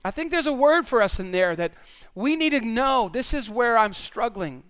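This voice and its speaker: A man's voice: extremely high pitch, lively intonation, moderate pace, fairly bright tone, clean tone. A male pastor preaching a sermon in an earnest way, often repeating words as he stresses a point.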